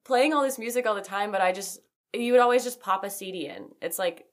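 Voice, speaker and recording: A woman's voice: medium pitch, fairly quick. A young woman hosting a podcast, chatting casually with lots of "like" fillers and easy laughter. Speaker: podcast host. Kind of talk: casual chat.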